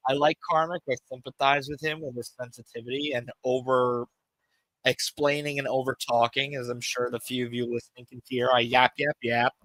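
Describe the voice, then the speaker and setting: A man's voice: medium pitch, little pitch movement, brisk, fairly bright tone, no echo, poor audio. A man on a live stream, ranting in a rambling, profane, emphatic way to his chat. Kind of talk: casual live-stream rant.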